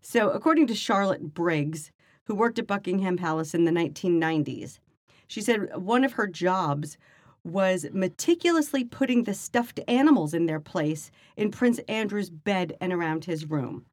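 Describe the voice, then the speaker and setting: A woman's voice: fairly low pitch, animated, normal speed, no echo. A middle-aged woman co-hosting a casual podcast, chatting wryly and reading news items aloud with dry asides. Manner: wry, chatty, reads articles aloud with dry remarks. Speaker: podcast co-host.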